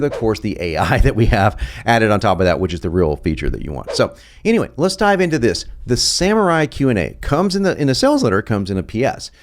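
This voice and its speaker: Middle-aged male instructor, lively pitch, chatty and quick to laugh. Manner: animated, laughs often, restarts sentences. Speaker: copywriting teacher. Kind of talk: casual screen-share lesson.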